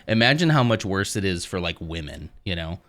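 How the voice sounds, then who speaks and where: A low-pitched man talks a little fast while streaming live from his home office. Smooth-voiced and relaxed, he chats casually with viewers and rambles somewhat.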